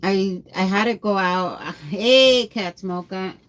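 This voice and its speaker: A woman's voice: medium pitch, slow pace, fairly bright tone. A tired woman livestreamer chatting casually and rambling, greeting her viewers by name. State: tired after a long day.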